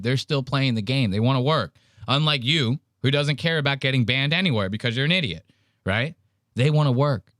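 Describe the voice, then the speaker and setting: A man's voice: a little high, a bit bright, no room sound, clean studio sound. A man giving crude, mocking commentary while reacting to clips on a live stream. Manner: crude, mocking, loose and rambling.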